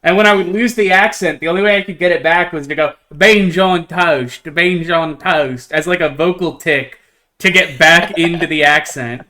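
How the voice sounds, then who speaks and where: A man's voice: a little high, fairly quick, pushed and bright. A man streaming a tabletop wargame, chatting casually and playfully with many hesitant fillers. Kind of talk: casual chat while playing a tabletop wargame.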